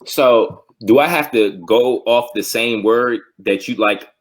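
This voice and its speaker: Calm man asking a question. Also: medium pitch, a little slow. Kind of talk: casual chat on a video call.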